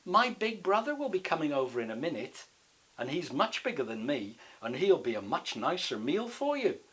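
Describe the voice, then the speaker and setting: Storybook she-goat, high and pleading, husky edge, as a man puts her on. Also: sing-song, normal speed, fairly bright tone, heavily acted. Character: clever medium-sized female billy goat.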